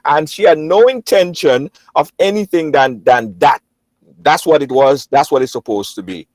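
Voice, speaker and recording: A man's voice: a little high, normal speed, darkish tone, dry recording. A man hosting a live call-in show, recapping the story for listeners and stumbling over repeated words when he cuts in. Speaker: talk show host.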